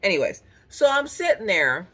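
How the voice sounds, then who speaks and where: A woman in her thirties casually telling viewers a story from home, animated and full of "like", acting out her own reactions. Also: mid-range voice, moderate pace, breathy edge. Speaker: crafting channel host.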